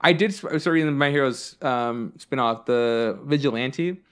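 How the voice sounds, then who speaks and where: Podcast guy rambling through stories, lots of likes and ums, cusses a bunch, normal pitch. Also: a little slow, clean tone. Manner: rambling storyteller, swears freely, many fillers. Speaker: podcast host. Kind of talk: casual chat.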